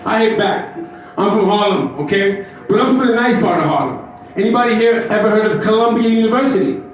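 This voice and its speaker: A man's voice: high-pitched, animated, a little fast, very echoey, far from the mic, poor audio. A man in his fifties doing a brash, profane stand-up comedy set on a club stage, teasing the crowd. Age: 50s.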